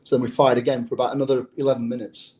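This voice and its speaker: A man's voice: mid-range voice, little pitch movement, rapid-fire, dark tone, poor audio. An English man who is a former undercover police officer, telling a story in an interview in a blunt, profane way. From England.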